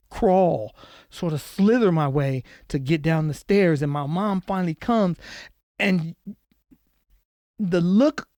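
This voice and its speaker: A man telling a painful personal story as a podcast guest, halting and repeating words, his voice often dropping low and soft. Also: dry recording, clean studio sound.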